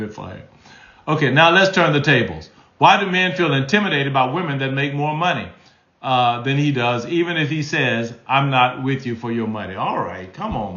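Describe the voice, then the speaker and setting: A man's voice: medium pitch, a bit bright, echoey room, lo-fi sound. A man in his sixties, a marriage counselor answering live questions in a folksy, emphatic way. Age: 60s. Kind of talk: live stream Q&A.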